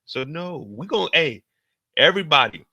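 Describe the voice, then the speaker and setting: A man hosting a live stream, reacting to a TV episode in slangy, animated storytelling with sudden loud, high outbursts. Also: moderate pace, slightly rough, no echo, highs cut off. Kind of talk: casual live reaction commentary.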